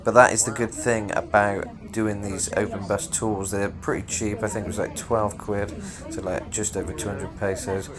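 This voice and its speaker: British man, low-pitched, casual travel vlog chatter, swears a lot, busy city crowd behind. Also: little pitch movement, moderate pace, hardly any pauses. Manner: chatty, rambling, swears freely. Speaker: travel vlogger. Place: outdoors in a busy city, on an open-top tour bus.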